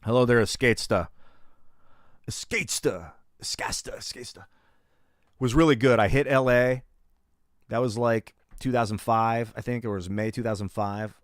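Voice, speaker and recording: Here a middle-aged man casually recounts episodes from his life on a live stream, wandering from point to point with lots of fillers and profanity. His medium-pitched voice has a clean tone, fairly even intonation and a moderate pace, in a dry, clean studio recording.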